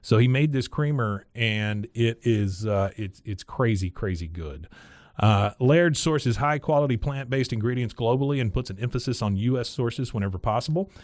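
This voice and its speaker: A man's voice: medium pitch, moderate pace, darkish tone, no room sound, clean studio sound. A man co-hosting a podcast, reading a sponsor spot in a chatty, conversational way. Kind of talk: casual ad read.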